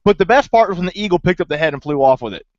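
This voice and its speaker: A man co-hosting a podcast, talking in a halting way with restarts, then chuckling playfully in a casual book chat. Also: high-pitched, animated, dry recording. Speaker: podcast co-host. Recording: dry, dull lo-fi recording.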